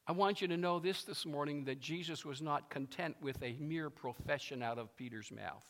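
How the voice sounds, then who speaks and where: A man's voice: fairly high pitch, normal speed, few pauses, a bit bright. A male pastor preaching a sermon, emphatic and fond of repeating his phrases, with a long reverb from a large hall.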